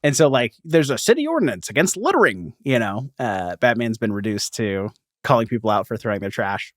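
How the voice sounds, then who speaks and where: A man's voice: medium pitch, big pitch swings, a little fast, no room sound, studio quality. Man retelling a comic with chuckles. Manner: laughs often while retelling scenes. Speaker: podcast co-host. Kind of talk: casual comic book discussion.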